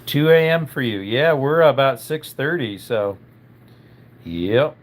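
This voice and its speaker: A man's voice: mid-range voice, animated, slow pace. A man, a little under the weather with a tickle in his throat, hosting a casual live stream and chatting through viewer comments.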